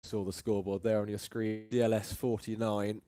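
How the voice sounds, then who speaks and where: A man from England doing live ball-by-ball cricket commentary, chatty and quick to laugh between deliveries. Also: on the low side, little pitch movement, dark tone.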